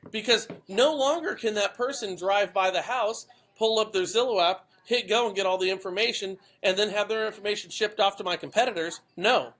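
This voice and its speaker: A man's voice: high voice, a little fast, few pauses, a bit bright. A man hosting a podcast, giving blunt, emphatic commentary that swears freely and keeps checking in with the listener. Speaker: podcast host.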